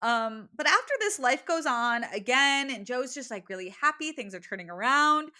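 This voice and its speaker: Lively, bright-voiced young woman. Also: high-pitched, moderate pace. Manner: bubbly, chatty, many fillers. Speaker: podcast co-host. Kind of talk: casual book-recap chat.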